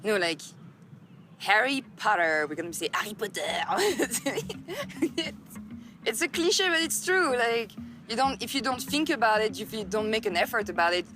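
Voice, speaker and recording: A woman's voice: on the high side, big pitch swings, normal speed, fairly bright tone, a little hiss or hum. A woman with a French accent, a native French speaker, chatting animatedly in an interview and laughing often. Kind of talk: casual interview answers.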